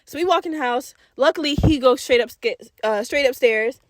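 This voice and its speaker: A woman hosting a podcast, telling a story in a casual, animated and profane way, laughing and acting out voices. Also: sits high, normal speed, dry recording, clean studio sound. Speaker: podcast host.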